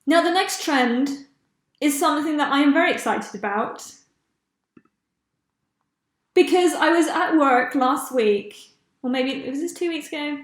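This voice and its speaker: Young woman rambling on her podcast, high voice, lots of laughs, echoey room. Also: a little slow, long pauses. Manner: chatty, laughs often, loses track of names. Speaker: podcast host. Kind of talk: casual chat.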